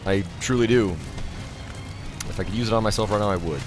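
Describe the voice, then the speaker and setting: A man live-streaming a video game, thanking subscribers, joking, and bursting out loudly at the action. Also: fairly low pitch, fairly quick, over music. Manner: loud sudden outbursts while playing.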